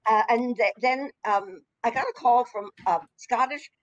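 A woman in her eighties, a voice actress being interviewed, telling stories in a chatty, warm manner. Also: fairly high pitch, a little slow, dull audio. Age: 80s. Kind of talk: anecdotal casual chat.

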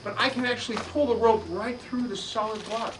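A man performing a magic trick for a live audience, teasing them playfully and drawing shouted answers back from them. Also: high-pitched, fairly even intonation, brisk. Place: magic store lecture room, indoors. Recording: distant mic with noisy live room.

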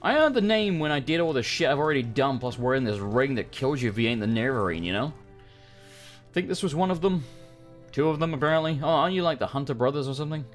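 Gamer, sarcastic and sweary, animated delivery over faint game music. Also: male voice, mid-range voice, fast. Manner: sarcastic, swears, mutters to himself. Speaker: let's play gamer. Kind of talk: casual gameplay commentary, reading game dialogue aloud.

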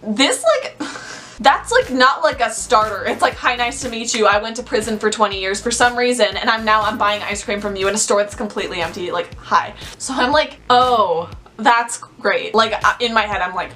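A woman's voice: on the high side, normal speed. A young woman vlogger telling a storytime, chatty and full of "like" fillers. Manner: chatty, fillers of "like", animated retelling. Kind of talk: storytime vlog.

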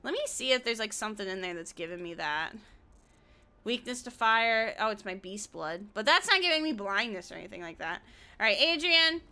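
A young woman streaming a game, joking and swearing in animated, loose commentary and laughing often. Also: medium pitch, fairly quick, smooth. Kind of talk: casual live-stream gaming commentary.

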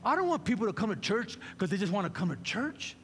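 A man's voice: high-pitched, sing-song, quick pace, fairly bright tone, long reverb tail, slight background noise. A man pastor preaching a sermon, fervent and full of repeated rhetorical questions.

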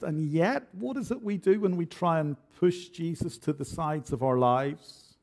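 A man's voice: fairly high pitch, unhurried, darkish tone. A man preaching an expository sermon in church, earnest and direct, with frequent rhetorical questions. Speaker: pastor.

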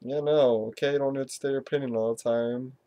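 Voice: mid-range voice, fairly even intonation, quick pace, dark tone, no echo. A young vlogger talking to the camera in a goofy home-video monologue, silly and full of jokes. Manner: silly, swings in and out of joke voices.

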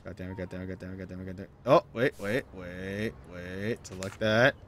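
A man's voice: low voice, fairly even intonation, fairly quick, fairly bright tone. A man playing a video game and commenting, muttering and swearing in frustration. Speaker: gaming video host. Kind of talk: let's play commentary.

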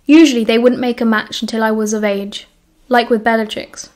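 A woman with a British accent reading the lines of a bitter, dramatic teenage boy wizard who enunciates crisply. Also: a little high, little pitch movement, fairly quick, darkish tone, lightly acted.

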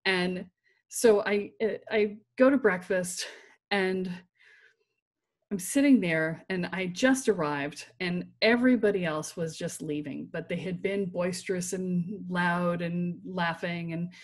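A woman guest on a podcast telling a personal story in an animated way, laughing and checking in with "right?". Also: on the low side, takes it slowly. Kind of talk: storytelling in conversation.

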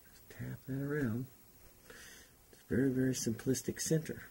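Thinking aloud while he paints, a man teaches a relaxed painting class at an easygoing, normal speed. His medium-pitched voice is creaky, mellow, and husky, with fairly even intonation.

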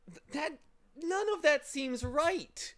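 A man's voice: very high voice, animated, slow pace, voice pushed up, heavily acted. A man doing a timid stammering boy, Milo. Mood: helpless. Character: timid, polite young boy, helpless.

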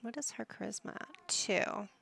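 A woman's voice: mid-range voice, normal speed, creaky, sharp tone, husky. A woman giving casual gameplay commentary, chatty and coaxing, talking to her characters like a parent would. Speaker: gaming YouTuber.

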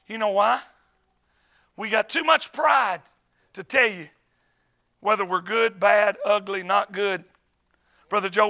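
A man, an evangelist preaching a revival sermon, telling stories in an animated way and breaking into shouts. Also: high-pitched, normal speed, gravelly, pauses often. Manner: animated storytelling, bursts of shouting. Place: church sanctuary.

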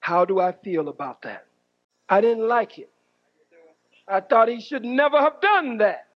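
A man giving a fiery sermon-style speech, preaching with dramatic pauses and shouted outbursts. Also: sits high, lively intonation. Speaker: minister. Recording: dull lo-fi archive recording.

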